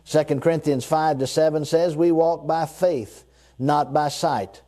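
A man preaching a sermon, leading his listeners in call-and-response declarations, repeating key phrases and slowing down to read scripture. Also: fairly high pitch, steady tone, mellow.

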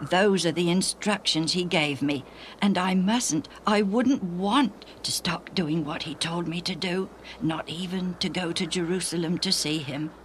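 A woman's voice: lowish voice, a little hiss or hum, lightly acted. A woman doing an earnest, kindly storybook man. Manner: slow, earnest, stammering restarts. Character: kind, earnest man once healed, eager storyteller. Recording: music clearly behind.

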